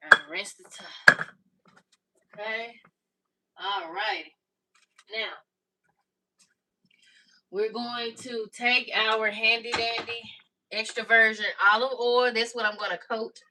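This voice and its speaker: In her home kitchen, a cooking vlogger chats casually through a tutorial, calling viewers "y'all" and "baby." Her medium-pitched voice is bright and forceful, picked up by a slightly distant mic with faint noise.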